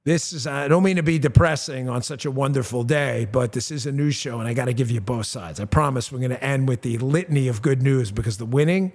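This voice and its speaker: A male talk show host with a punchy, blunt delivery who reads his own ads and turns loud and high-pitched when outraged. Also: a little fast, few pauses. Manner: conversational, with fillers and restarts. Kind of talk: talk show monologue with ad read.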